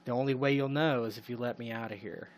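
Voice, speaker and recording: A man's voice: medium pitch, fairly even intonation, quick pace, slight background noise, natural voice. A man voicing a ragged young boy beggar locked in a cell, bargaining in a matter-of-fact way during a tabletop game.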